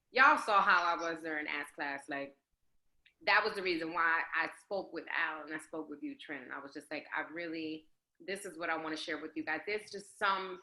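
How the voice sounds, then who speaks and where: A woman's voice: lowish voice, sharp tone, reverberant, low-quality recording. A woman co-hosting a podcast in casual chat, talking earnestly and searching for her words. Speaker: podcast co-host.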